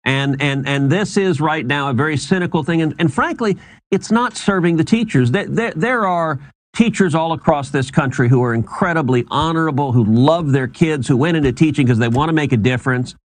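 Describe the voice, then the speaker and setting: Man, politician interview clip, stammering, indignant, slightly high voice. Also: fairly quick, no room sound. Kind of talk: political talking points.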